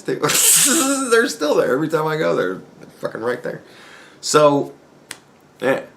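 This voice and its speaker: Lively, swearing podcast man. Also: mid-range voice. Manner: profane, rambling, laughs between points. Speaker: podcast host. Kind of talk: casual solo commentary rant.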